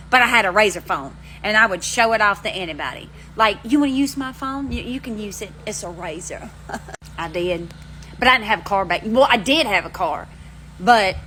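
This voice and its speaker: With a fairly high, sharp voice, an Alabama vlogger chats casually to camera from outside on her front steps, full of folksy country slang. The poor recording carries a little hiss or hum.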